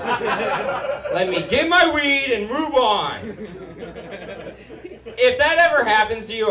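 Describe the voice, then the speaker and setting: Man, stand-up comic, nasal and whiny, high voice, roomy club sound from a distant mic, crowd laughing. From Utah. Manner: brash, profane, self-mocking delivery. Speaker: stand-up comedian. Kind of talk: stand-up comedy set. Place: comedy club stage before a live audience. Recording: echoey room, distant mic, audience laughter.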